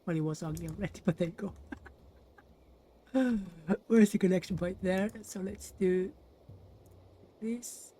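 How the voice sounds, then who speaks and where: A woman's voice: fairly low pitch, unhurried, long pauses, warm tone, breathy edge. A young woman hosting a game play-through, chatting casually and muttering to herself as she builds. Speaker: gaming channel host. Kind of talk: casual let's-play commentary.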